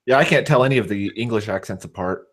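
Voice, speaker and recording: West coast american dude, lowish voice, keeps going uh uh while chatting. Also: male voice, fast. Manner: hesitant, filler-heavy. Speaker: stream guest. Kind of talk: casual livestream chat.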